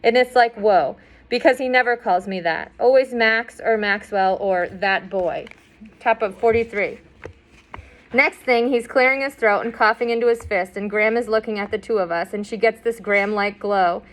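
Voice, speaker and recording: A woman's voice: medium pitch, moderate pace. A woman reading a novel aloud in a conversational way, with asides and fillers. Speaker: audiobook reader.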